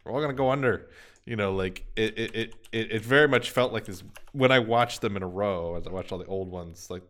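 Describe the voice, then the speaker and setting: A man chatting casually about old animated films, rambling and jokey. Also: on the low side, brisk. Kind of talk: casual film chat.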